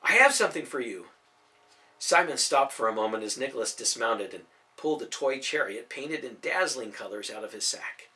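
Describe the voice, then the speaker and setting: A man narrating a storybook audiobook in an expressive, animated reading. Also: mid-range voice, moderate pace, hardly any pauses.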